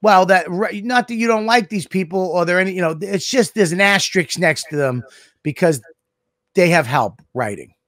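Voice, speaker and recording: A man with a Boston accent, hosting a casual podcast chat in a blunt, profane, gruff way. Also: high voice, normal speed, a bit bright, no room sound, studio quality. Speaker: podcast host.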